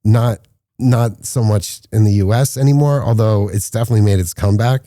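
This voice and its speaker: Brief: male filmmaker guest, low dark voice, lively storyteller acting out quotes, dry close mic. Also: a little fast, dry recording. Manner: animated storyteller, acts out quotes with rising pitch. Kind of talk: casual podcast interview storytelling.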